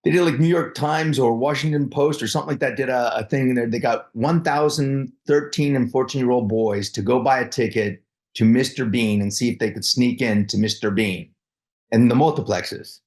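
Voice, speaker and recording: A middle-aged man, a guest actor in a casual interview, telling animated stories while stumbling and repeating words. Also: medium pitch. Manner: halting, restarts and repeats words often.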